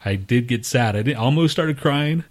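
A man co-hosting a casual podcast, trading crude insults and teasing with a laugh. His voice sits at an ordinary middle pitch, and his talk is full of swearing. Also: lively intonation, normal speed. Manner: profane, teasing, laughs often. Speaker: podcast co-host.

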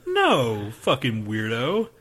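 A man's voice: medium pitch, wildly swooping pitch, slow pace, a bit bright, breathy edge. A man co-hosting a podcast, rambling in crude casual chat with frequent profanity and restarts. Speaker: podcast co-host.

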